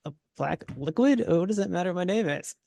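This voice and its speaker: A man's voice: sits high, animated, fairly quick, creaky, warm tone, voice pushed up. A man voicing a panicky, irritable male pilot who wants to run off. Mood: flustered. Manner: flustered, irritable.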